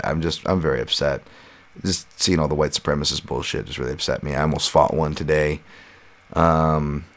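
A man's voice: very deep voice, creaky, a bit bright. A man in his thirties hosting a solo podcast, talking casually in a profane, rambling, ranting way. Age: 30s. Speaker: podcast host and fight analyst.

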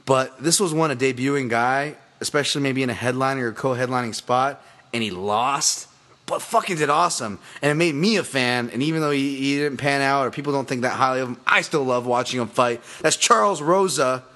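A male podcast host talks in loose sports chat at a middling pitch. He rambles and restarts, swears freely and gets excited about the fights. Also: brisk.

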